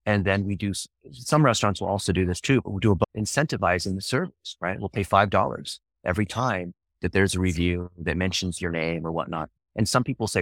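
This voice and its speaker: A man speaking as a podcast guest, telling marketing stories in an animated, emphatic way. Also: low-pitched, a little fast, no echo. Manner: animated, emphatic, jumps into acted quotes. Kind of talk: casual interview storytelling.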